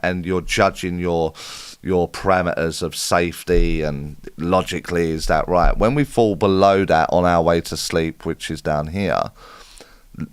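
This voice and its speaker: A man with a low voice hosts a relaxed live-stream Q&A, reading out viewer comments and answering off the cuff. His chat is informal and conversational. The sound is dry, with no room echo. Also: a little slow, clean tone. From United Kingdom. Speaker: spiritual medium hosting a live Q&A.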